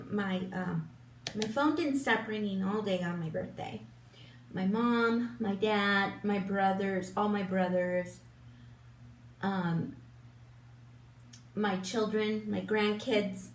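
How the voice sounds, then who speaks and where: An older woman chatting casually while doing her makeup, rambling, with lots of fillers, restarts and laughs. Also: medium pitch. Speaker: beauty vlogger. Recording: roomy, distant mic, faint hum.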